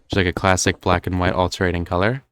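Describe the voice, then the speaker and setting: Low-voiced New Jersey streamer thinking aloud. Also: male voice, little pitch movement, fast talker, a bit bright, a little hiss or hum. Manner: rambling, thinking aloud with frequent fillers. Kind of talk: live-stream gameplay commentary.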